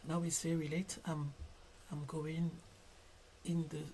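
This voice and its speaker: A man with a French accent chatting casually on a live stream while he draws, soft and careful, stuttering at times. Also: on the high side, level tone, takes it slowly, a little hiss or hum. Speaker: digital artist live-streaming.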